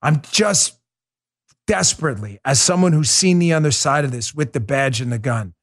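A middle-aged man hosting a political commentary show, swinging between quiet apology and loud indignation. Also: mid-range voice, expressive, moderate pace. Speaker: podcast host.

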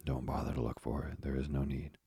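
A man voicing a frail, gentle old father. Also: extremely low pitch, flat delivery, brisk, breathy edge, dry recording, studio quality, full character voice. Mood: gentle, weary.

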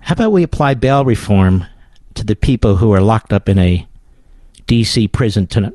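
A man's voice: fairly low pitch, expressive, normal speed, dark tone, no echo, clean studio sound. A man hosting a political talk radio show, delivering a combative and sarcastic monologue.

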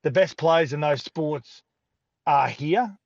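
A man's voice: a little high, slow, vocal fry, a little mellow, no echo, lo-fi sound. A man with an Australian accent chatting casually as a radio guest, rambling and restarting his thoughts. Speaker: guest sports commentator.

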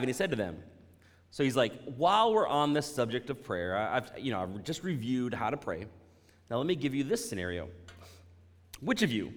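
A man delivers a conversational sermon from a pulpit, his pitch swinging widely as he acts out the doubts of his listeners. His voice rings out through a big hall with a long, lingering reverb. He speaks like a pastor talking straight to his church. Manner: animated, conversational preaching with voiced asides.

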